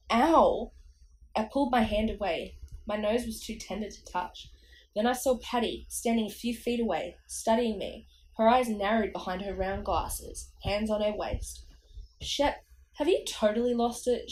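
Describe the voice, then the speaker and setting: A woman's voice: mid-range voice, a little mellow, a little hiss or hum, rough recording. A woman reading a children's horror story aloud in short phrases, as an amateur narrator. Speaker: audiobook reader.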